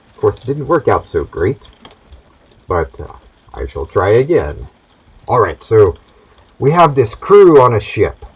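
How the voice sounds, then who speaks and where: A man's voice: fairly low pitch, husky, highs cut off. A man hosting a comic monologue in a theatrical, hammy mad-doctor persona. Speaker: host.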